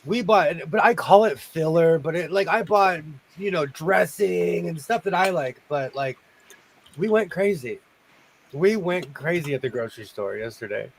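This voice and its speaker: A man's voice: on the high side, lively intonation, normal speed, gravelly, a little hiss or hum. A man hosting a casual chat show, talking in a jokey, rambling way. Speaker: host.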